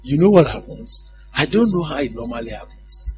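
A man preaching a sermon in an animated, humorous way, often asking the congregation if they follow him. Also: mid-range voice, fairly quick, soft background music, low-quality recording.

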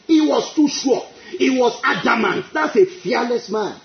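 Lively high-voiced male preacher. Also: measured pace, vocal fry. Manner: emphatic, repeats phrases, exclaims praise. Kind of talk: sermon. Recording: echoey, dull lo-fi.

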